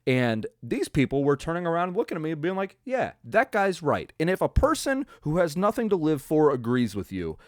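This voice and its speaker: A man hosting a podcast, giving a casual, profane football recap that swings from loud frustrated outbursts to low mutters. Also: very animated, fairly quick, few pauses, no room sound, studio quality. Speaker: podcast host. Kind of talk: casual ranting sports recap.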